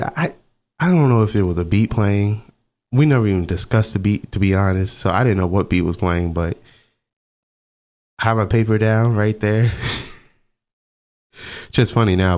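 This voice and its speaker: A young man hosting a podcast, telling a candid, profane, self-mocking story in a relaxed, conversational way. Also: low-pitched, normal speed, long pauses. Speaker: podcast host. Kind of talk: casual storytelling monologue.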